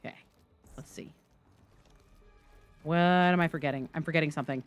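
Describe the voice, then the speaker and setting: A woman with a low-pitched voice streams live gameplay at a normal speed, chatty and joking with her viewers while she plays. The recording is dry.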